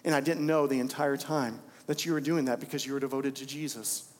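A man's voice: medium pitch, steady tone, a little fast. A young adult man preaching a sermon as pastor of a church, impassioned and repeating phrases for emphasis. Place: church sanctuary. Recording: church hall reverb.

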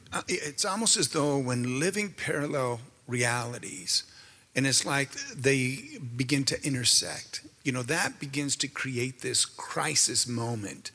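A man co-hosting a Christian talk show gives a preaching-style testimony, sharing his story earnestly and addressing listeners directly. His voice sits on the high side, pushed, bright and husky, and it sounds like a large hall.

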